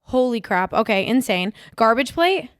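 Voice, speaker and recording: A young woman from New York co-hosting a podcast, chatting casually and reacting with quick exclamations. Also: a little high, lively intonation, no room sound, studio quality. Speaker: podcast co-host. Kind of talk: casual chat.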